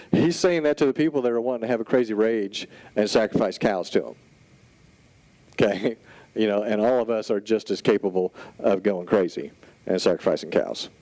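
A man preaching a sermon in an animated, conversational storytelling style, full of casual asides. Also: lowish voice, no echo, poor audio. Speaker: pastor.

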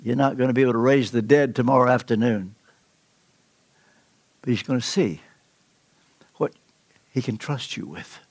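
An older man preaching a sermon, telling stories with emphatic swings in pitch. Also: normal speed, long pauses, no echo. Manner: storytelling, emphatic with sudden pitch leaps.

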